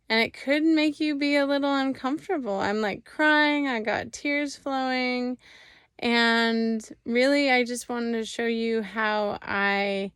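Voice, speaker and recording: A woman host introducing her own video to camera in a gentle, encouraging, casual way. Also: on the high side, clean tone, no room sound, clean studio sound.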